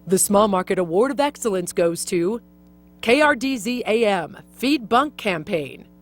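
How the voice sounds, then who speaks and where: A woman reads award categories and winners in a formal, even delivery. Her voice sits mid-range, with faint music underneath. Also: mid-range voice, unhurried. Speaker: awards presenter.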